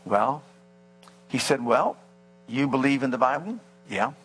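A man's voice: mid-range voice, animated, measured pace, fairly bright tone, slightly rough, poor audio. A male preacher giving a sermon, telling a healing story with quoted voices and reading scripture aloud. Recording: mains hum behind.

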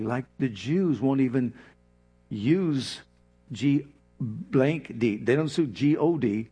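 Male pastor, husky mid-range voice, emphatic sermon delivery. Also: mid-range voice, expressive, mellow. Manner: emphatic preaching with dramatic pauses and acted-out prayers.

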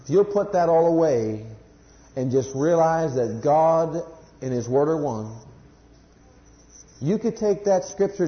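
A man preaching a sermon to a congregation, swinging from loud high emphasis to hushed low scripture quotes and sometimes stumbling over words. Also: reverberant, muffled recording. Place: church congregation.

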